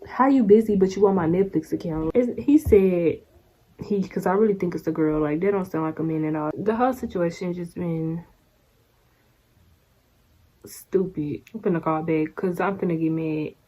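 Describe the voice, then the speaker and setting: A woman's voice: fairly low pitch, a little fast, warm tone. A young woman vlogging casually, telling a story in a blunt, sassy way and laughing often.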